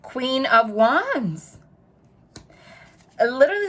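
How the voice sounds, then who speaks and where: A woman reading tarot in a casual vlog, chatty and rambling, telling animated stories full of quoted dialogue. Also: fairly high pitch, normal speed, a little hiss or hum. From New Jersey. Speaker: tarot reader.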